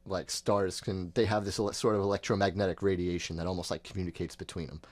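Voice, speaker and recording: A man in his thirties with a lowish voice, retelling a wild day in a loose, rambling way and slipping into quoted voices. The sound is dry and close, with no room around it. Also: fast, hardly any pauses, no echo. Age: 30s. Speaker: podcast host. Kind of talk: casual storytelling.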